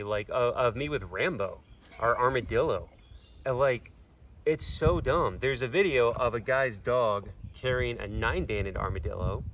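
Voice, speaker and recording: A man's voice: on the low side, fairly bright tone, far from the mic, a little hiss or hum. Exasperated man ranting, a bit off-mic. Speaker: host. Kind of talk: casual chat.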